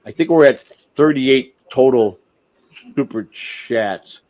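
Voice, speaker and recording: A man hosting a livestream, ranting with heavy swearing, flaring loud and then dropping to a mutter. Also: medium pitch, slow, poor audio. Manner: profane, heated, swings from shouting to muttering. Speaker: livestream host. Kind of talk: unscripted livestream rant.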